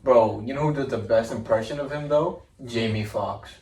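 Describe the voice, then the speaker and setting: A man's voice: medium pitch, normal speed, darkish tone. A young man co-hosting a casual podcast, laughing as he tells stories. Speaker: podcast co-host. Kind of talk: casual chat. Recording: roomy room, mic at a distance, faint noise.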